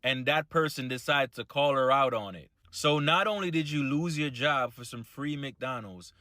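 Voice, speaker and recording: A man's voice: medium pitch, moderate pace, sharp tone, no room sound, clean studio sound. A man giving matter-of-fact, disapproving reaction commentary. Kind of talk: news-style reaction commentary.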